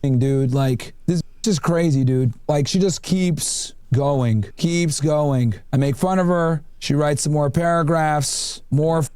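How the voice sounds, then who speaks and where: A man's voice: on the high side, slow pace, hardly any pauses, a little mellow, smooth, dry recording. A man ranting casually to viewers while reading messages aloud, mocking and swearing, sometimes talking to his dog. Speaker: podcast host reading messages.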